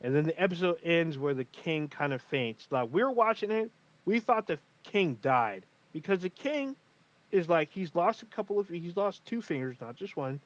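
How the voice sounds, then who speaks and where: A man talks through an episode in a loose, rambling way, full of swearing and asides. His voice sits a bit high, and the stream audio sounds muffled and lo-fi. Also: moderate pace. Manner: rambling, profane, animated retelling. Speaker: podcast co-host. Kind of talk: casual recap chat.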